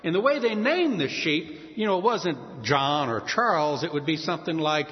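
A male pastor from New Orleans preaching a sermon, his voice high and lively as he tells stories and mimics sing-song calls. The recording sounds dull and carries a long hall echo. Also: normal speed.

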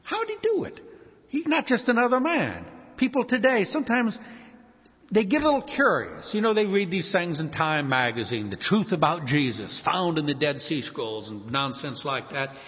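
A man preaching a sermon as pastor, lively, often acting out the voices of the people he quotes. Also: on the high side, normal speed, in a large hall, lo-fi sound.

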